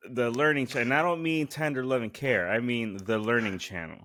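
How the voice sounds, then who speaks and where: A man's voice: medium pitch, a little fast, a bit bright. A young man co-hosting a podcast, laid-back and rambling, laughing often as he tells stories. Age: young adult. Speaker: podcast co-host. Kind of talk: casual podcast banter.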